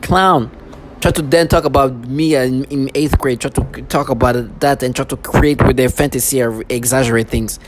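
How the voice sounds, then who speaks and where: A man's voice: mid-range voice, fairly even intonation, a little fast, hardly any pauses. A man delivering an agitated, accusatory monologue in a repetitive style. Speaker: vlogger. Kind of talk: angry monologue. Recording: noisy background.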